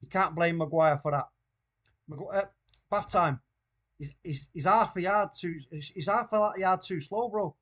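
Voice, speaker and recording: A man with a Mancunian accent hosting a live football watchalong, reacting loudly and excitedly to the play. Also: high-pitched, normal speed, dull audio. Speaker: watchalong host.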